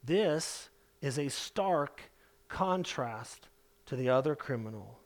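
A man's voice: medium pitch, expressive, slow pace. A man preaching a sermon, emphatic and driving his points home with rhetorical questions and repeated phrases. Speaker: pastor.

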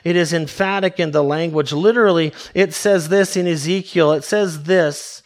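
A man's voice: a little high, normal speed. A man preaching a sermon in an emphatic, conversational way, with wry asides to his congregation. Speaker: pastor.

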